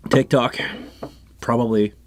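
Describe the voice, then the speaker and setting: A man's voice: medium pitch, steady tone, slow, slight background noise. A man with a French Canadian accent hosting a casual live stream about sound gear, chatting in a rambling way with many restarts and asides. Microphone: live microphone on a console setup.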